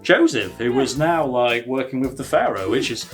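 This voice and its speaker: An English woman chats her way through a children's bible lesson, animated and warm with the odd filler. Her mid-pitched voice moves freely up and down. Faint music sits underneath. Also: normal speed. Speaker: children's ministry presenter. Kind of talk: casual recap and rhyming story reading for kids.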